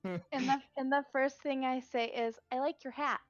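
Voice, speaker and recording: Chirpy woman in a tabletop game, pretty high voice, kinda muffled. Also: steady tone, normal speed, dry recording, faint music behind. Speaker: player. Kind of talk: tabletop role-play.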